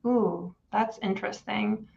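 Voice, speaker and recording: A woman's voice: medium pitch, steady tone, slow, vocal fry, darkish tone. A woman guest on a live-stream interview, hesitating with fillers and laughing often as she answers. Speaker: guest, business founder. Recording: dull lo-fi stream audio.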